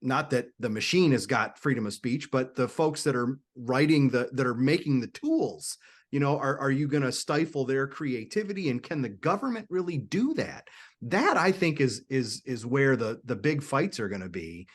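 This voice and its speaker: A man's voice: medium pitch, animated, normal speed. A man hosts a panel talk, thinking aloud with plenty of false starts and repeated words. He stays conversational and unsure while he passes along questions from viewers. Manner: hesitant, many restarts and repeated words. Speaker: host.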